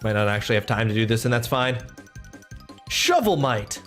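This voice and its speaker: A man's voice: medium pitch, big pitch swings, moderate pace, fairly bright tone. A man streaming a video game live, joking around and talking to his chat between gameplay. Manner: playful, jokey, talks to chat. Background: game music.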